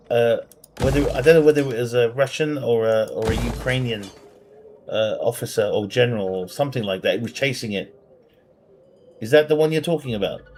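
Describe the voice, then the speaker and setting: A man's voice: mid-range voice, slight background noise. A man doing casual livestream commentary on a strategy game from his bedroom. He reads viewer questions aloud, rambles, and laughs at his own jokes. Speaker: game streamer. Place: home bedroom.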